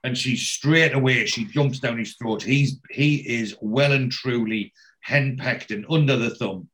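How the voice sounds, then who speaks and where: A man's voice: mid-range voice, measured pace, fairly bright tone. Rambling man recapping a show. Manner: rambling storyteller who acts out the characters. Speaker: podcast co-host.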